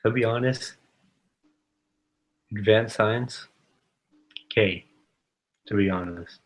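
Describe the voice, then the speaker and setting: A man's voice: lowish voice, slow pace, rough recording. A man in casual livestream banter, laid-back and mumbly, swearing offhand. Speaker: co-host.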